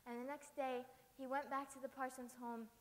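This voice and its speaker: A woman narrating a story with lively expression, her voice high and clear. She paces it like a performance. A long hall reverb carries behind her. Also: moderate pace. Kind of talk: dramatic storytelling. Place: church.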